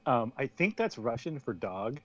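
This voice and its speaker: A man's voice: medium pitch, sing-song, normal speed, a bit bright. Guy rambling on a podcast, lots of ums, muffled lo-fi sound. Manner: rambling, with many ums and restarts. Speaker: podcast co-host. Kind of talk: casual podcast chat.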